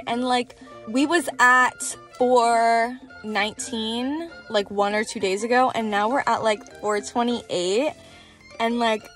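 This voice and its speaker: Bubbly young woman chatting to her phone, self-deprecating, faint music under. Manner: rambling, bubbly, self-deprecating, sing-song swings in pitch. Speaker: vlogger. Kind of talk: casual vlog chat. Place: home and car. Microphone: phone camera.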